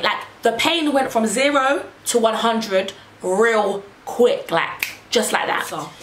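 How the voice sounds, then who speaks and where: Young woman chatting to camera, says like a lot, sounds kinda far from the mic in an echoey room. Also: fairly high pitch. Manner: chatty, animated, repeats "like" and "literally". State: pregnant. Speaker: vlogger. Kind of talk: casual storytelling. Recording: roomy, distant mic, faint hiss.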